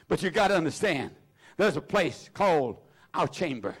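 A man preaching a sermon with fervent, drawn-out emphasis, many "uh" fillers and sudden rising shouts. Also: fairly high pitch, very animated, slightly rough.

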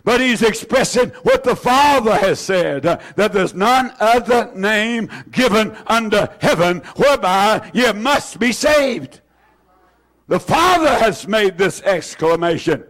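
A male preacher with a high voice delivers a sermon at an unhurried pace. He repeats key phrases for weight, and his emphasis builds until he shouts at the peaks. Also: lively intonation.

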